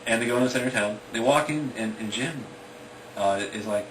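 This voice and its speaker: A man's voice: medium pitch, a little fast. A young man casually retelling his own fantasy story, rambling with lots of fillers and briefly acting out the characters. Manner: rambling, full of "you know" and "like", acts out the characters. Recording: echoey room, mic at a distance, background noise.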